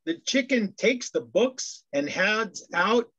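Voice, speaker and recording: A man's voice: high voice, lively intonation, slow, pushed and bright, husky. A male minister giving a sermon, telling jokes in a storyteller's way and often restarting his phrases. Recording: dull lo-fi sound.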